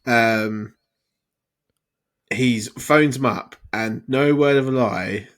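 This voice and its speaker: A man's voice: medium pitch, takes it slowly, fairly bright tone. A man with an English accent co-hosting a podcast, chatting casually in a mumbling, sweary banter. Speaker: podcast co-host. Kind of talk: casual chat.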